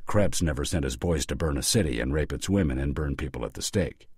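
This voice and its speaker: Very deep husky male narrator. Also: expressive, brisk, darkish tone, no room sound, clean studio sound. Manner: wry, conversational storytelling. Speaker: audiobook narrator. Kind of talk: first-person audiobook narration.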